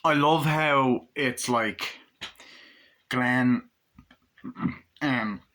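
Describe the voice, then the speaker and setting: A man giving a casual spoken movie review, rambling and excitable, swearing freely as he goes. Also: medium pitch, very slow.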